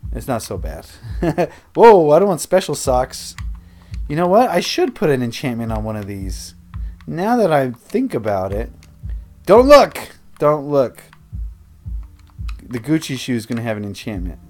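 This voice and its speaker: A man's voice: mid-range voice, sing-song, normal speed, long pauses, darkish tone. A man livestreaming a building game, chatting casually with viewers in a rambling, self-interrupting way. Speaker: streamer.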